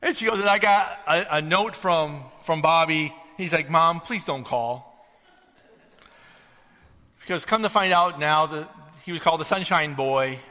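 A man's voice: fairly high pitch, moderate pace, sharp tone. A man preaching a conversational sermon, telling a story and then rising to emphatic questions. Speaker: pastor. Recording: reverberant hall.

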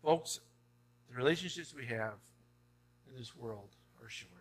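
A man's voice: medium pitch, animated, measured pace. A man preaching a sermon as pastor, talking to the congregation in a conversational way and often tossing in "right?" before building to emphatic urging. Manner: rising to emphatic exhortation.

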